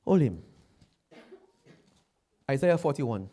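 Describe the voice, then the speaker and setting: A man from Dominica, preaching a sermon, repeating his phrases and building to loud exclamations. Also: mid-range voice, sing-song, takes it slowly, slightly rough.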